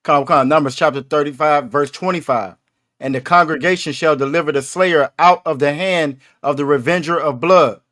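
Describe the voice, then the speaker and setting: A man in a scripture class reading Bible verses aloud in a loud, measured, formal way. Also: on the high side.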